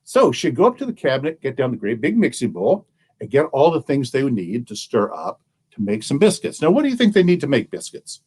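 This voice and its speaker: A man who is a children's librarian, telling a folktale to camera in an animated, playful way, asking the audience questions. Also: medium pitch, brisk, slightly rough. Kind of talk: interactive storytelling to camera.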